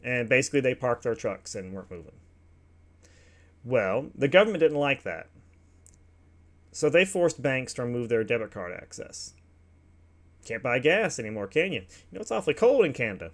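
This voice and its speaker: A man's voice: mid-range voice, sing-song, normal speed, long pauses. Man giving casual commentary. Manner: reads documents aloud then comments offhand, with asides to viewers. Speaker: opinion show host.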